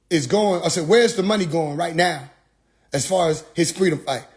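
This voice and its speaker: A man's voice: fairly high pitch, moderate pace, slightly rough. A man, telling a profane, comedic story with heavy slang. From Atlanta, US.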